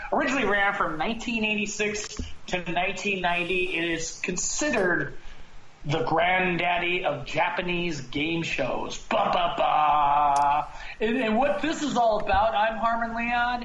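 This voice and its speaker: A man's voice: sits high, sharp tone. A man hosting a comedy podcast, chatting casually and rambling with restarts and filler words. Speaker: podcast host. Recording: roomy, slightly dull sound with faint noise.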